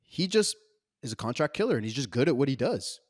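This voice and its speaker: A man co-hosting a film podcast in casual chat, excitable, swearing for emphasis and quoting dialogue. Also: mid-range voice, fast, breathy edge, dry recording, clean studio sound. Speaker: podcast co-host.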